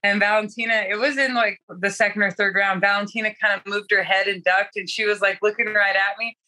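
A woman's voice: medium pitch, steady tone, fairly quick, bright, forceful tone, low-quality recording. A young adult woman fighter telling her story candidly in a casual interview, laughing often and swearing freely. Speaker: guest fighter.

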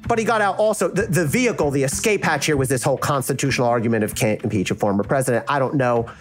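A man's voice: medium pitch, quick pace, soft background music. A man with a South Jersey accent, a former prosecutor speaking frankly in a casual interview and acting out the reactions he quotes. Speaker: legal analyst and former prosecutor.

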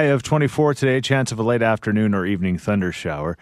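Male radio host, low voice, easygoing, filler pauses, dry close mic. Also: lively intonation, no echo, soft background music. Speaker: radio morning show host. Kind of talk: casual radio banter and news rundown.

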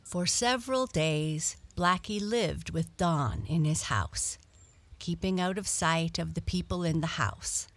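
A woman reading a children's book aloud in a slow, gentle, steady storytelling manner. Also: lowish voice.

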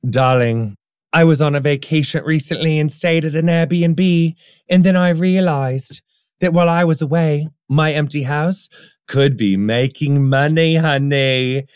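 A man's voice: a little high, unhurried, a little mellow, clean tone, dry recording, studio quality, natural voice. A man voicing a chatty posh British man with a put-on British accent, calling the listener darling during an ad read. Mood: breezy. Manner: campy, calls listener darling.

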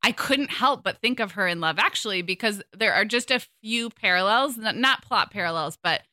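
Bright-voiced gushing woman co-host. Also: mid-range voice, expressive, no echo. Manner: enthusiastic, gushing, quick asides. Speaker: podcast co-host. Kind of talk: casual chat.

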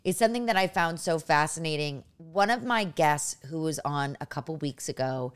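A woman's voice: low voice, animated, normal speed, clear, resonant tone. A woman hosting a podcast in casual chat, eager and rambling, with many fillers and restarts. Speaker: podcast host.

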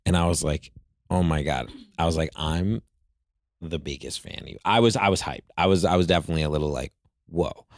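A man's voice: extremely low pitch, fairly quick, no echo, studio quality. A man, a guest on an interview show, telling casual stories in a rambling way full of "like" fillers.

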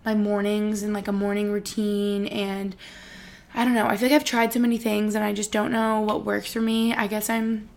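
A woman's voice: mid-range voice, little pitch movement, normal speed, vocal fry, a little mellow. A woman in her twenties talking casually and emotionally to her vlog viewers, filling her talk with "like". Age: 20s. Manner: chatty and emotional, lots of "like". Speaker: vlogger.

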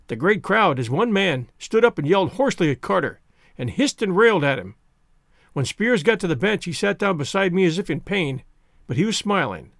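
A man reading a story aloud in first-person narration, lively and expressive. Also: sits high, dry recording, studio quality. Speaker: audiobook narrator.

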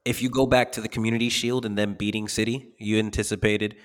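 A man's voice: fairly low pitch, little pitch movement, fast, big-room sound. A man co-hosting a casual soccer podcast, blunt and profane, laughing often. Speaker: podcast co-host. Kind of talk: casual sports podcast chat.

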